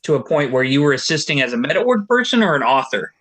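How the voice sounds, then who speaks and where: A man's voice: a little high, big pitch swings, fast talker, fairly bright tone. A man hosting a casual podcast, asking his guest friendly follow-up questions about tabletop gaming. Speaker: podcast host. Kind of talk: casual chat.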